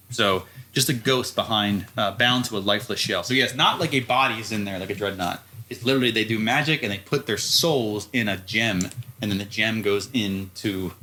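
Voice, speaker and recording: Bright-voiced man recapping a story. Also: fairly low pitch. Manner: loose, profane storytelling with frequent laughs. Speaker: podcast co-host. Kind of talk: casual recap chat.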